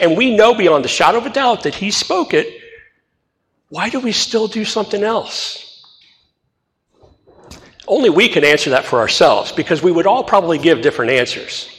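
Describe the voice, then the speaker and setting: A man's voice: high voice, a bit bright, big-room sound, poor audio. A man from the Midwest, a pastor, reads scripture and then tells stories in an earnest sermon with light humor.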